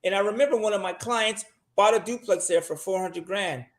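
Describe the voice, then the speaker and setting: A man's voice: high-pitched, a little fast, reverberant, a little hiss or hum. A man talking casually and bluntly as a show guest, swearing often and pressing his money advice with emphasis.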